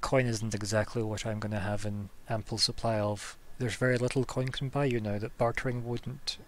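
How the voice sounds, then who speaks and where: A man's voice: fairly low pitch, level tone, lightly acted. A man voicing a stern woman city leader. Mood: stern, weary. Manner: measured, formal, cornered but firm.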